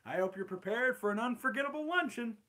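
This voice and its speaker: A man's voice: extremely high pitch, lively intonation, fast, sharp tone, pitched above the performer's own voice, exaggerated voice. A man voicing a flustered, fussy male school principal from a cartoon, stammering out nervous excuses.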